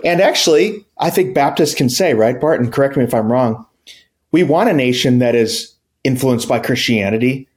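A man hosting a podcast, talking in a friendly, halting way with many fillers. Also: medium pitch, darkish tone. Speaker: podcast host. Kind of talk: casual interview chat and scripted outro.

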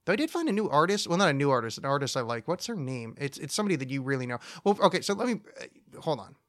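A man rambles alone into a close, dry microphone, his voice sitting a little high. He swings into profane, mock-outraged rants between listener questions. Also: big pitch swings, quick pace, fairly bright tone, no room sound. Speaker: podcast host. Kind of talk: solo comedic rant podcast.

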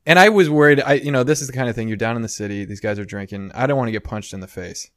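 A man's voice: medium pitch, very fast, a bit bright, dry recording. Man, casual podcast chat, rambling storyteller, dry close sound. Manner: rambling storyteller, lots of "you know" and "like".

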